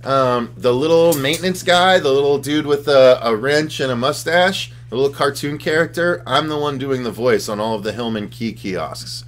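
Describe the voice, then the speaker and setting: A man co-hosting a casual livestream chat, excitable and profane, reading viewer comments aloud. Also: mid-range voice, moderate pace, few pauses. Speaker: podcast co-host.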